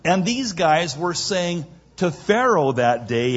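A man preaching in a slow, measured way, with a husky, breathy edge to his voice. He reads scripture and then retells it in plain, casual words, throwing himself into the lines he quotes. The recording sounds dull and lo-fi. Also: fairly high pitch, very animated. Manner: dramatic, acts out quoted lines. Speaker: pastor. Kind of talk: expository sermon.

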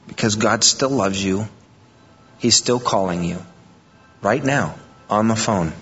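A male pastor preaching a sermon, animated and conversational, mixing emphatic passages with joking asides. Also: on the low side, takes it slowly, background noise. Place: church sanctuary. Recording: dull, lo-fi audio with long reverb in a large hall.

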